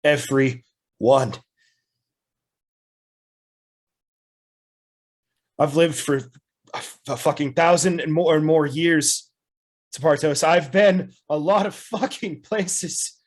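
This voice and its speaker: A man's voice: mid-range voice, measured pace, darkish tone, breathy edge, voice pushed up. A man voicing an ancient, grieving male figure who swears in bitter anguish. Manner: sobbing, bitter, cursing. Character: grieving ancient male elf, raw and angry.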